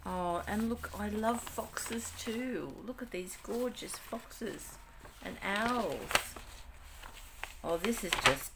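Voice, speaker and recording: A woman's voice: mid-range voice, expressive, very slow, long pauses, heavy background noise. An Australian woman in her sixties chatting casually as she unboxes mail, gushing and exclaiming over each item. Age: 60s. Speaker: craft vlogger.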